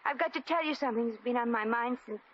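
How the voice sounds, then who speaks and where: An actress playing a brash, slangy American shop girl in a 1950s radio drama, quick with wisecracks. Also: on the high side, a bit bright, a little hiss or hum, close to an everyday voice. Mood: wry. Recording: dull old radio recording.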